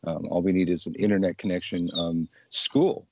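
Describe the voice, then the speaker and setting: A man's voice: low voice, fairly even intonation, normal speed, lo-fi sound, noisy background. A man, a witchcraft teacher, chatting casually as a guest and laughing often. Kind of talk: casual video-call chat.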